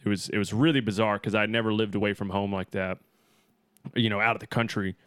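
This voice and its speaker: A young man telling stories in relaxed casual chat, full of fillers. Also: lowish voice, quick pace, smooth, no room sound.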